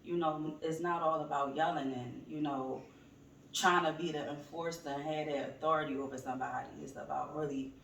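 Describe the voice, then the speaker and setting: Earnest lower-voiced woman, roomy sound. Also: fairly even intonation, fairly quick, creaky, a bit bright. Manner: earnest, repeats "you know". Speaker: guest, youth mentor. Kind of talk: casual chat. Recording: roomy distant sound with faint noise.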